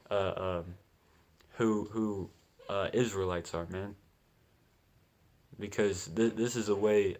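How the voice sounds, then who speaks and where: A man's voice: low voice, a little mellow. A man giving casual commentary as he reads scripture, laid-back and chatty, often laughing and saying "man.". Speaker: scripture teacher.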